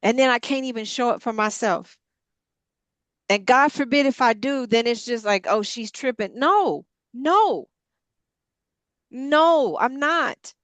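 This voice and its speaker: Brief: middle-aged woman, Bible study leader, frank and impassioned, higher-pitched voice, dry close sound. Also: lively intonation, slow, pauses often, fairly bright tone, no echo. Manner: blunt, impassioned, frank swearing. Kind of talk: candid group discussion.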